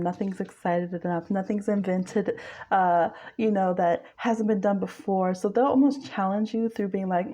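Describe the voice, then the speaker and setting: A woman giving a casual spoken tarot reading, chatty and quick, who laughs often. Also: medium pitch, steady tone, warm tone. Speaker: tarot reader.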